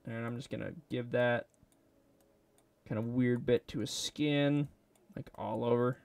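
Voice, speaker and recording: A man who creates 3D sculpting videos rambles and jests to himself as he sculpts a model. His mid-range voice is steady, creaky and darkish, and he speaks at an unhurried pace. There's no room sound at all.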